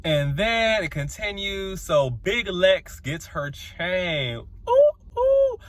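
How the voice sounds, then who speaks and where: A man hosting his channel, giving a sassy, slangy, dramatic recap of a reality show episode, with sudden high squeals. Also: takes it slowly, fairly bright tone.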